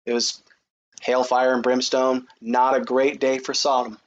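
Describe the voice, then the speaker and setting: A man preaching a sermon who reads scripture in a raised, high voice and then talks to the congregation in a casual way. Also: completely flat delivery, a little slow. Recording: dull, lo-fi recording with faint noise.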